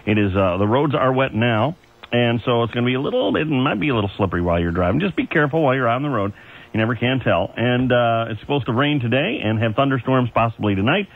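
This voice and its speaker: A man's voice: mid-range voice, expressive, fast talker. A man working as an overnight radio DJ, chatting in a folksy way with chuckles and asides between oldies. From Ohio. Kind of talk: casual on-air oldies patter. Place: radio studio. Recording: tinny AM radio aircheck with faint music.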